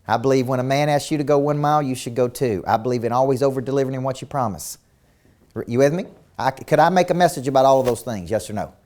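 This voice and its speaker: A man's voice: mid-range voice, quick pace, a little mellow. A man coaching a virtual seminar in an intense, emphatic way, firing rhetorical questions at his audience and repeating words as he starts each point. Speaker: business coach.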